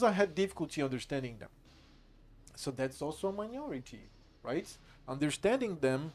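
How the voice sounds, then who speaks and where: A man's voice: a little high, sing-song, moderate pace, darkish tone. Man arguing with his chat. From Brazil. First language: Brazilian Portuguese. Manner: argumentative, profane, answering chat. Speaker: gaming streamer. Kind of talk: livestream gameplay commentary.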